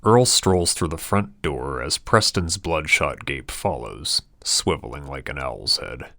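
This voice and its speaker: A man narrating an audiobook in a steady, descriptive storytelling manner. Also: rumbling low, a little slow, gravelly, no echo, clean studio sound. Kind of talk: scripted narration.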